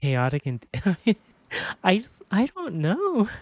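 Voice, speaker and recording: In a mid-range voice, this woman streamer takes her time, bantering with viewers and recounting stories with energy, plenty of profanity and lots of laughs. No room sound is audible.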